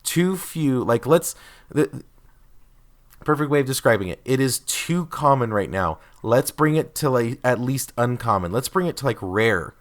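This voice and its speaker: A man's voice: mid-range voice, animated, normal speed. A man co-hosting a casual podcast who talks emphatically and opinionatedly, stacking up his points and acting out quotes in exaggerated voices. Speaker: podcast co-host. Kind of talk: casual chat.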